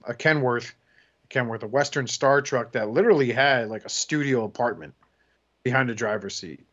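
A man rambles through anecdotes on a podcast and swears without a second thought. His pitch is ordinary. The sound is muffled and lo-fi. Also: normal speed, a bit bright. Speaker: podcast co-host. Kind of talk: casual chat. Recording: dull lo-fi sound.

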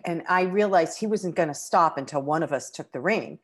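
Middle-aged American woman, lowish voice, heartfelt storyteller, halting and emotional. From United States. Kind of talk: personal anecdote.

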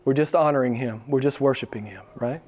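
A middle-aged man preaching a sermon, swinging between loud emphatic lines and hushed, whispered asides. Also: medium pitch, a little fast. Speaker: pastor.

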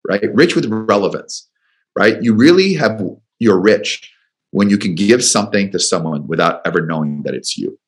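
A man telling business stories as an interview guest, animated and quick to repeat words as he goes. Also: on the low side. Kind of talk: storytelling in an interview.

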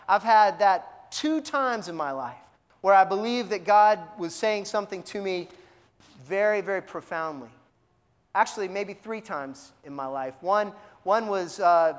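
A male pastor preaching a sermon in a conversational way, asking many questions and often repeating words. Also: high-pitched. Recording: long reverb of a large hall.

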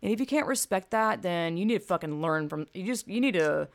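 A young woman talks alone on her podcast in a loose, rambling way, full of fillers and casual swearing. Her voice sits a little low, and she is blunt and frank about whatever is on her mind. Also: expressive, brisk. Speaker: podcast host. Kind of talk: casual solo podcast monologue.

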